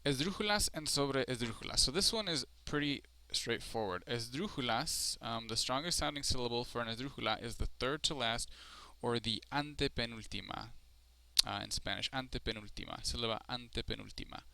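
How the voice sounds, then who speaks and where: Bright, crisp-voiced man teaching a lesson. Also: mid-range voice. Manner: explanatory, slow and deliberate with frequent fillers. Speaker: Spanish teacher. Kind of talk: screencast lesson.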